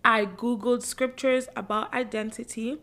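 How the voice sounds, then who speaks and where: A woman's voice: a little high, fairly even intonation, measured pace, fairly bright tone. A woman from the Caribbean hosting a podcast, giving a fervent, conversational faith-based encouragement talk and repeating phrases for emphasis. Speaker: podcast host.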